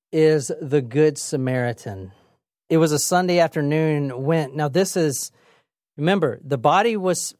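A young adult woman hosting a casual true crime podcast, telling the story in a lively, chatty way with swearing and acted-out quotes. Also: low voice, no room sound, clean studio sound. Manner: lively, swearing, laughs often, acts out quotes. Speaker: podcast host.

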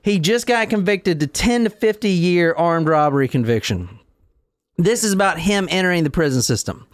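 Podcast host, man, animated, dry sound, swears a lot. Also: high-pitched, normal speed, dry recording. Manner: rambling, swearing, laughing often. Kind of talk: casual podcast chat.

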